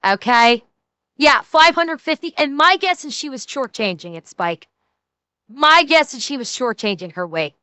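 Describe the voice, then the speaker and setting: A woman's voice: sits high, lively intonation, measured pace, pushed and bright, smooth, no echo. A woman giving blunt, sarcastic, profane reaction commentary as a streamer. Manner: blunt, sarcastic, swears a lot.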